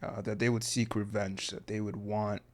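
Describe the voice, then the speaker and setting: A man's voice: on the low side, level tone, a little mellow. A man hosting a podcast, asking long interview questions that halt and restart. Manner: asks long, halting questions. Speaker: podcast host.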